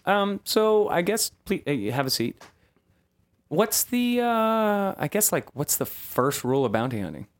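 Man, podcast host, comedy sketch, lively swooping pitch, high startled exclamations. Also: unhurried.

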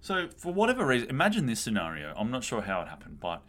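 A man's voice: medium pitch, huge pitch swings, fast talker, fairly bright tone. A man co-hosting a casual podcast, telling a story with playful asides and frequent laughter. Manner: laughs often, tells stories with playful asides. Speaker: podcast co-host.

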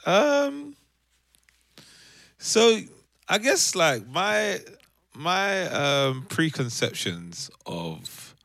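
A man, a podcast co-host telling a lively story in casual chat and acting out other people's voices. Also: on the high side, drawn-out words, gravelly, long pauses, no room sound, studio quality. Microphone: remote call from home.

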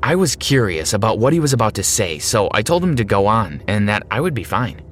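A young adult man narrating a scripted first-person story in a steady, even way. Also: fairly low pitch, brisk, few pauses.

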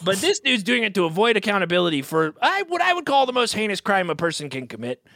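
Animated, high-voiced man chatting. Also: fast, dry recording, studio quality. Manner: animated, rambling, lots of fillers and restarts. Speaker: podcast co-host. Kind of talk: casual comedic chat.

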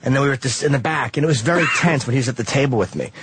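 A man's voice: mid-range voice, background noise. A man in casual podcast chat, telling fond stories with lots of swearing. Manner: fast, profane, fond storytelling.

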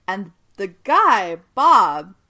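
Her medium-pitched voice is sing-song, bright, and pushed, with drawn-out words. As a podcast co-host, she chats casually through a TV episode recap, cursing frequently and laughing plenty.

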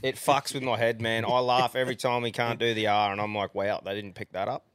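A man's voice: fairly low pitch, flat delivery, a little fast, a bit bright, clear, resonant tone, no room sound. A man hosts a casual podcast on a close, dry-sounding mic. He talks bluntly and swears a lot, breaking into rants and laughter. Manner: sweary, ranting, laughs often. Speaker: podcast host.

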